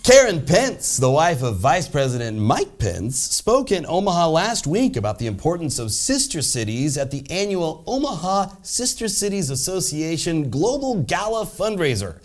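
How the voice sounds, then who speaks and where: A man's voice: fairly high pitch, very animated, normal speed, few pauses, faint music behind. A man co-anchoring a satirical local news sketch in a goofy, bumbling way that gets carried away.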